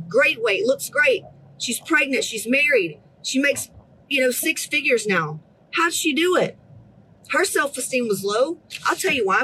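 A woman's voice: high voice, a bit bright, a little hiss or hum, low-quality recording. Profane, exasperated woman fitness coach. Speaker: fitness coach addressing her group. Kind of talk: blunt motivational rant.

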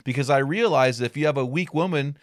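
A man's voice: mid-range voice, quick pace, dry recording, studio quality. A man hosting a podcast, talking conversationally and enthusiastically with his guest. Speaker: podcast host, men's ministry leader. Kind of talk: podcast interview.

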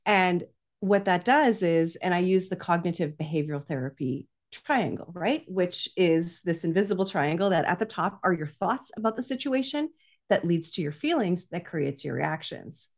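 A woman's voice: on the low side, expressive, moderate pace. A woman talking as a parenting coach in conversation. She is earnest and often checks in with "right?". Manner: earnest, frequently adds "right?". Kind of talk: conversational guest explanation.

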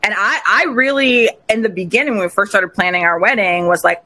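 A woman guest in a casual interview, telling her story in an animated, expressive way. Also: mid-range voice, a little fast, hardly any pauses. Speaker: podcast guest, recent bride.

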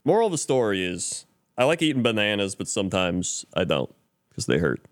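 A man co-hosting a podcast, answering in laid-back, quieter casual chat. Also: lowish voice, sing-song, brisk, no echo, studio quality. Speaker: podcast co-host.

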